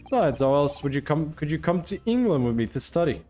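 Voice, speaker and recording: A man's voice: on the high side, sing-song, fairly quick, dark tone. A man reading the lines of an earnest young woman assistant in a game, in a pleading, heartfelt way. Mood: teasing.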